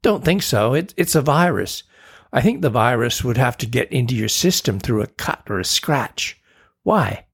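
A man's voice: medium pitch, animated, moderate pace, vocal fry, slightly rough. A man voicing a firm but caring mother who reassures her daughter. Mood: matter-of-fact.

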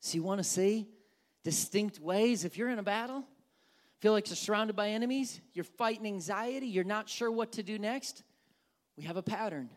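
A man's voice: sits high, normal speed. A man preaching a sermon as pastor, emphatic, repeating phrases and stumbling over words as he drives points home.

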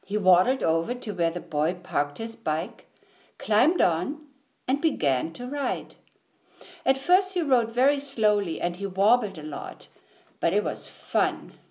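A woman reading a picture book aloud in an expressive, sing-song storytelling manner. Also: medium pitch, measured pace. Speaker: storybook reader.

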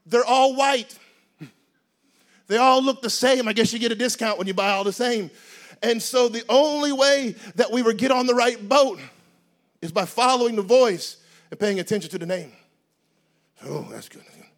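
A man preaching a sermon in a lively, comic storytelling way, with bursts of shouting. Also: extremely high pitch, normal speed.

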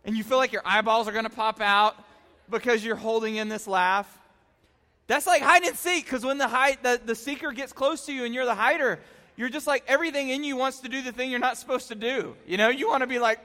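A man preaching to young people, telling stories in a chatty, excitable way full of filler words. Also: very high-pitched, brisk. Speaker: youth pastor. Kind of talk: animated youth sermon storytelling. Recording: long reverb in a hall.

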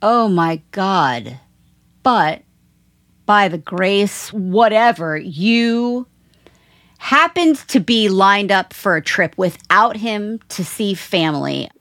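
A woman host leads the interview, drawing out her guest with empathetic questions. She speaks slowly and deliberately, her pitch rising and falling a great deal as she talks. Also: expressive, a bit bright.

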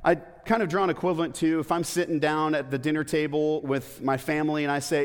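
A man's voice: a little high, fairly even intonation, fairly quick. Man preaching in an echoing hall. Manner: conversational preaching with rhetorical questions and playful asides. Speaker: pastor. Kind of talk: sermon. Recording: long hall reverb.

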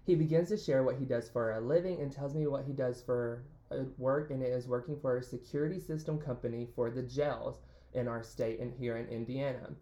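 A man's voice: medium pitch, fairly quick, reverberant. A man from Alabama with a Southern American accent, co-hosting a casual chat and reading listener stories aloud. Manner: animated storyteller, playful voices for quotes. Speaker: podcast co-host, hairstylist.

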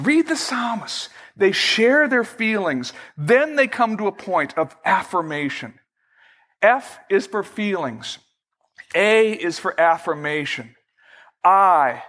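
A man preaching a sermon as pastor, measured and emphatic, slowing down for prayerful quotes. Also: high-pitched, a bit bright. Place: church sanctuary.

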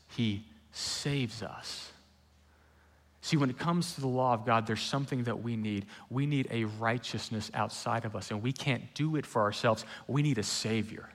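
A man preaching a sermon in a conversational storytelling way, with quick runs and slow, hushed emphasis. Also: medium pitch. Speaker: pastor.

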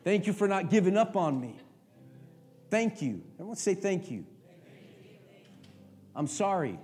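High-pitched middle-aged preacher guy, gets loud and fired up, faint music behind. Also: big pitch swings, measured pace. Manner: rising to shouted, impassioned preaching. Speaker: pastor. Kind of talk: sermon.

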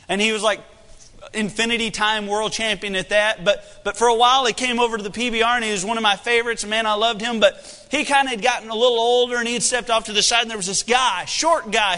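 A young preacher tells a story from the pulpit in a high, bright, ringing voice. He talks in a folksy, animated way, and his energy rises and falls. The sound carries a long echo from the hall. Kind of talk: sermon storytelling.

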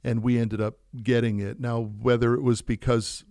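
A man's voice: medium pitch, flat delivery, moderate pace, a little mellow, clear, resonant tone, no echo, studio quality. A man who runs a business, telling sales stories in a casual monologue, with fillers and frequent restarts. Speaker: business owner talking about sales.

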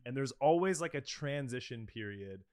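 A young adult man chatting casually on a podcast, laughing and swearing, sometimes dropping low and quiet as he explains. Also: animated, normal speed, crowd noise. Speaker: podcast guest, former overseas volleyball player. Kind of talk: casual chat.

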